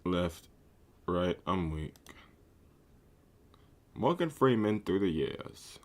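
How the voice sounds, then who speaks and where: Man, casual reaction commentary, unhurried, bright tense tone, bursts of excited disbelief, faint music behind. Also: on the low side. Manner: excitable, loud incredulous exclamations. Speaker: content creator.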